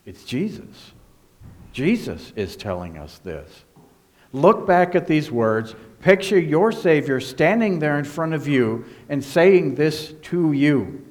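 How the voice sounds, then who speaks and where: A man preaching a sermon as pastor, emphatic, swinging between hushed and raised delivery. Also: on the high side, very animated, takes it slowly.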